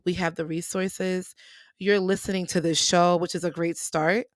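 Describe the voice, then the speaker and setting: Speaking at a normal speed in a lowish voice, a young adult woman hosts a podcast with studio-quality sound and no room noise. Her casual motivational chatter is animated, and she refers to listeners as y'all.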